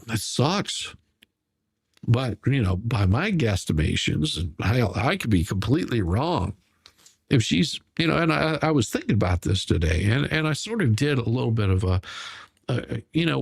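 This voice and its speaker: A man's voice: medium pitch, vocal fry, breathy edge, dry recording, clean studio sound. A man hosting casual drama commentary, sarcastic and rambling, with many restarts. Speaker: commentary channel host.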